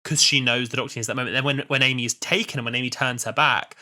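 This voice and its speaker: A man in his twenties talks through a show with a friend in an easy, animated podcast chat. His voice has a bright, forward edge at a middle pitch. He is eager to retell the scenes. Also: fast. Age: 20s. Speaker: podcast co-host. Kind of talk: casual chat.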